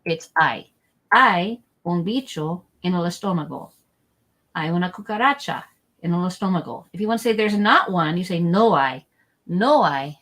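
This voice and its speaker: Woman teacher, friendly online class for families; chatty, repeats words slowly. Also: lowish voice, animated, sharp tone, rough recording. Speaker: Spanish teacher. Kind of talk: live online lesson for families. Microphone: document camera setup, desk mic.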